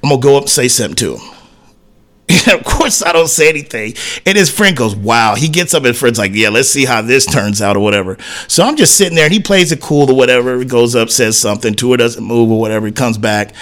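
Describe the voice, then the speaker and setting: A man's voice: medium pitch, brisk, few pauses. A man co-hosting a sports talk radio show, telling a casual story and acting out the quoted dialogue, with "man" and "whatever" peppered through his speech. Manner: animated anecdote teller who acts out quoted dialogue, frequent "man" and "whatever".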